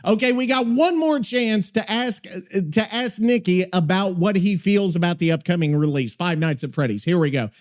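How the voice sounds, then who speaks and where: A man's voice: high-pitched, animated, moderate pace, hardly any pauses. A man hosting a podcast in loose, profane, rambling chat, often exasperated and yelping. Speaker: podcast host. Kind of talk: casual chat.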